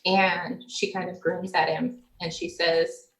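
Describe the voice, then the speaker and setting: A woman's voice: fairly low pitch, little pitch movement, slow pace, a bit bright, echoey room. A woman narrating a tabletop game as game master, chatty, with laughing asides.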